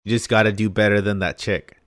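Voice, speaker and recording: A man's voice: lowish voice, level tone, a little fast, a bit bright, smooth. A man hosting a casual podcast chat, joking around, swearing freely and steering the talk. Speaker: podcast host.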